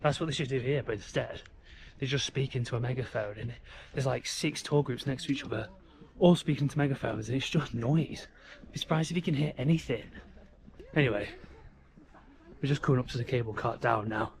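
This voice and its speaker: A man's voice: medium pitch, a little fast, gravelly, background noise. A man talking casually to camera, explaining travel plans while walking through a mountain park. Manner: chatty, conversational, explains plans as he walks. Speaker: travel vlogger. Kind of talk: casual travel vlog narration.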